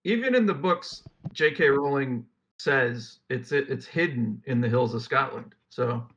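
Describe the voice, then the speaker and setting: A man's voice: mid-range voice, a little slow, fairly bright tone. A young man co-hosting a casual podcast, reading facts aloud and riffing with jokes. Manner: rambling, jokey, reads facts aloud then riffs. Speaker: podcast co-host. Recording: dull lo-fi mic.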